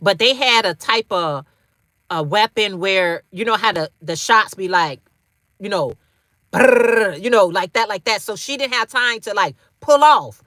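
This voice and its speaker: A woman's voice: medium pitch, animated, moderate pace, pushed and bright, no echo, studio quality. A woman hosting a casual livestream, talking straight to viewers, repeating phrases for emphasis with slangy asides. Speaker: livestream host.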